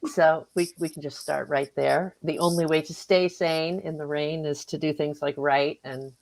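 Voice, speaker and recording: A woman author talking easily on a radio interview, her voice sitting a little low. She's chatty, laughs a lot, and slips into quick little voices when she retells what she once said or thought. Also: fairly even intonation, vocal fry, darkish tone. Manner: chatty, laughs often, acts out her own past remarks. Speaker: author guest. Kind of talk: casual interview chat.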